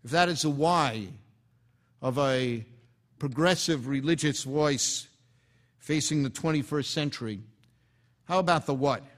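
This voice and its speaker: A man delivering a formal, impassioned speech, rising in emphasis on key words and dropping quietly at the ends of phrases. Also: on the high side, a little slow, pauses often. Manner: impassioned, oratorical cadence. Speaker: speaker.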